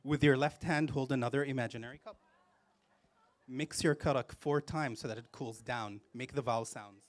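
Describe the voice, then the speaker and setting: A man's voice: medium pitch, normal speed. A man leading a laughter yoga workshop for a live group, playful, giving step-by-step instructions between bursts of laughter and cheers. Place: festival event space with a live audience.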